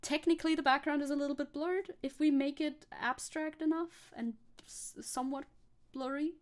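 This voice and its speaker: A woman's voice: high-pitched, fairly even intonation, normal speed. A young woman streamer chatting casually and rambling while she paints, swearing now and then. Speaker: VTuber streamer.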